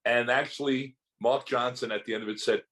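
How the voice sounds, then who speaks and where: A man's voice: medium pitch, brisk, low-quality recording. An older man, an actor, telling stories in a casual interview and acting out what others said to him. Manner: animated anecdotes, acting out quotes from others.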